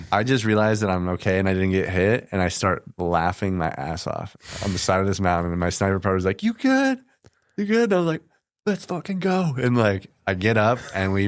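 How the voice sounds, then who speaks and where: A man from the United States speaks in a very low, smooth and resonant voice, recounting his combat experience as a podcast guest. His delivery is casual and matter-of-fact. The dry studio recording picks up no room sound. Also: no room sound. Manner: plainspoken, matter-of-fact, with brief laughs. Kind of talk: casual storytelling in conversation.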